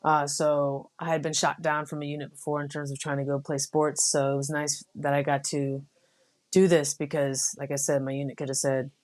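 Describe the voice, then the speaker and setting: A young adult woman from the United States, a Marine officer guest, telling stories in a relaxed, casual way with many fillers. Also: low-pitched, moderate pace. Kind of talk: casual interview.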